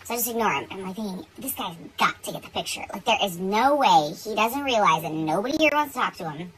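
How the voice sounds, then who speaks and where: Animated young woman with a bright voice. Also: medium pitch, fast, slight background noise, low-quality recording. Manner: animated, swears freely, gets worked up. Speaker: beauty vlogger. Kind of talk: casual storytime chat.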